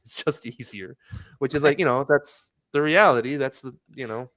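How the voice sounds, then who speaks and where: A man's voice: mid-range voice, moderate pace, a bit bright, dry recording. A man co-hosting a casual chat, rambling through asides with wry, sarcastic jokes. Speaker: podcast co-host.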